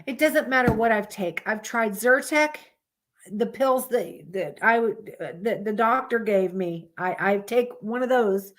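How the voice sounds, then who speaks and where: A woman with a constant cold hosts a live podcast stream, her voice sitting a little high. She chats candidly and rambles, dropping swear words without a second thought. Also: unhurried. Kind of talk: casual live-stream chat.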